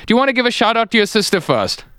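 Effusive male radio host, smooth and dry. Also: sits high, big pitch swings, very fast, fairly bright tone, no room sound. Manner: effusive, enthusiastic interviewer. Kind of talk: radio talk show hosting. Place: radio studio.

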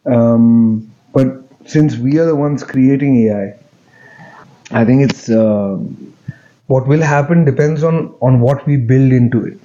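A man, answering interview questions in a relaxed, joking way with many fillers and restarts. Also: medium pitch, slow pace, highs cut off, a little hiss or hum. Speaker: interview guest, music director.

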